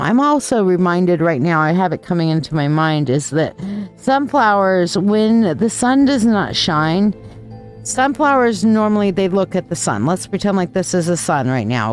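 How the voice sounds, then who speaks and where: A woman's voice: mid-range voice, darkish tone. A woman hosting a live tarot reading. She talks in a loose, rambling, affectionate way and calls her viewers sweetheart. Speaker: tarot reader and live stream host.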